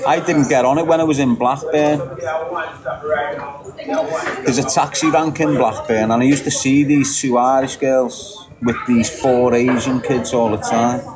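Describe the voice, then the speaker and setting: A man's voice: mid-range voice, steady tone, a little slow, crowd noise, poor audio. A middle-aged man from England with a Liverpool accent, ranting emphatically as a podcast guest, repeating himself and laughing briefly. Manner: emphatic and repetitive, with short laughs. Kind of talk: ranting monologue.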